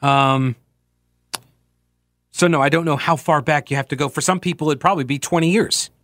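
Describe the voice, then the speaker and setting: A man's voice: on the high side, steady tone, moderate pace, a bit bright, no room sound, clean studio sound. A man hosting a political talk radio show, speaking casually and with strong opinions, musing aloud and reading listener messages. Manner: opinionated, rambling, reads listener emails aloud.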